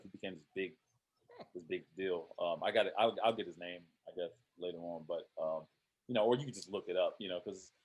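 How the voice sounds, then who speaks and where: A man's voice: deep voice, husky. A man co-hosting a casual show review, rambling with lots of "you know" fillers.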